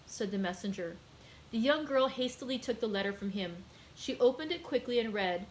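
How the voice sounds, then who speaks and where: A woman librarian reads a classic novel aloud in a clear, measured storytelling voice. Her voice sits a little higher than most. Faint noise hums underneath the recording. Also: expressive, poor audio. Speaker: librarian hosting a daily read-aloud.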